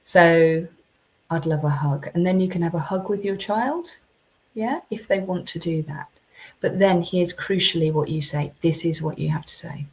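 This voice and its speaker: A woman's voice: lowish voice, normal speed. A woman coaching parents in a chatty live-streamed talk, with many ums and restarts.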